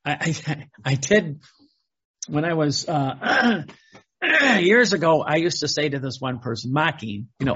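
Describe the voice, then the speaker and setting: A man's voice: a little high, expressive, a little slow, pushed and bright, husky, muffled recording. A man who is a Catholic priest, preaching a sermon in a conversational way, often repeating words and acting out quotes.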